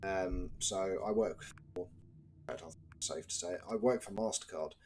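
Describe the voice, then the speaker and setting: Low-voiced British streamer, dry and chatty. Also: male voice, moderate pace, darkish tone, a little hiss or hum. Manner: dry, chatty, wry asides. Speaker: gaming live streamer. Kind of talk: casual game commentary.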